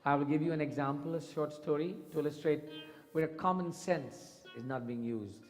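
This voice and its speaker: A man's voice: on the high side, moderate pace, faint music behind. A man giving a sermon as a temple priest, telling a story and acting out its voices. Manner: lively storyteller who acts out the story voices. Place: temple hall. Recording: long reverb in a temple hall.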